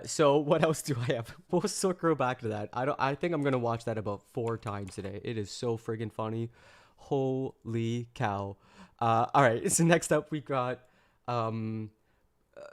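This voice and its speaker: Male streamer reacting to clips, gleeful and mocking, casual chatter. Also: medium pitch. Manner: gleeful, mocking, breaks into laughter. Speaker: livestream host.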